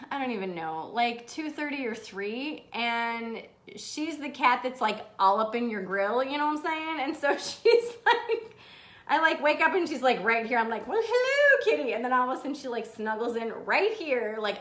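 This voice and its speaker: A woman with a high, bright voice talks casually to her livestream viewers while sitting indoors. She is bubbly, laughs often and swears freely, with a loose, unscripted delivery. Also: animated, unhurried. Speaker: motivational vlogger reading live comments. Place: indoors, seated.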